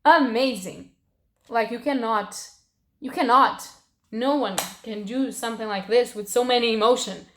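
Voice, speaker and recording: A young woman chatting casually about books she read, emotional and expressive, swearing now and then. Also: fairly high pitch, moderate pace, slight background noise. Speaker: book reviewer. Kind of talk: casual book wrap-up chat. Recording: roomy echo.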